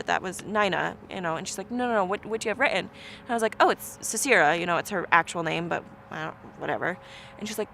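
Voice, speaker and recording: Animated woman telling a personal story. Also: lowish voice, quick pace, gravelly, a little hiss or hum. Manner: animated, acts out quoted dialogue. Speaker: interviewee.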